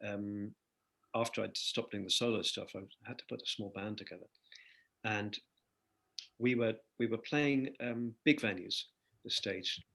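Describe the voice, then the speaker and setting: Gravelly, husky older man telling stories. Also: on the low side, unhurried, fairly bright tone. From Ireland. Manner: storytelling, reflective with hesitant fillers. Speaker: guest musician. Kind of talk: interview chat.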